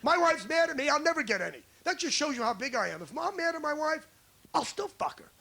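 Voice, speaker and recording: A man's voice: extremely high pitch, very animated, fast talker, vocal fry, pushed and bright. A man from the United States doing a crude, brash stand-up routine on a comedy club stage, riffing with the crowd.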